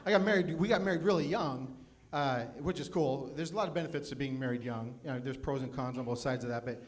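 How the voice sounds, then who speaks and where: A man's voice: mid-range voice, fast talker. A man in his fifties doing a live stand-up comedy set, self-deprecating and chatting with the crowd. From Phoenix, USA. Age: 50s. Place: live comedy club with audience.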